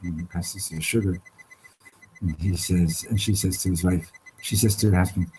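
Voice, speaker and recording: A man leading an informal Torah class, halting and restarting often, slipping Hebrew terms into his English. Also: sits low, fairly even intonation, a little mellow, slight background noise, poor audio. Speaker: Torah teacher. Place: study hall classroom.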